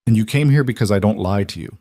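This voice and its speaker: Guarded mob boss, voiced by a male narrator: low, quiet, terse, no warmth. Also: fast talker, dry recording, studio quality, natural voice. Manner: quiet, terse, flat replies. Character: cold, blunt crime boss, quiet and guarded.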